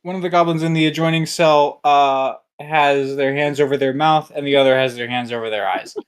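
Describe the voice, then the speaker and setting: A game master narrating a tabletop game, slow and hesitant with many fillers. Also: medium pitch, steady tone, smooth.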